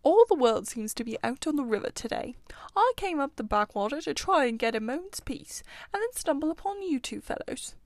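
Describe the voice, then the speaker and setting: A hearty, talkative male otter gossips by the riverbank, as a woman reading the story puts him on. His voice is fairly high and bright with animation, in a dry, close recording. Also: sing-song, brisk, dry recording.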